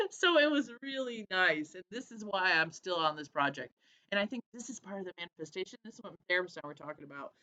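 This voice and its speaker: A woman's voice: fairly low pitch, animated, fast, sharp tone, lo-fi sound. A woman hosting a casual diary vlog, chatty, laughing often and acting out what people said. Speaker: vlog host.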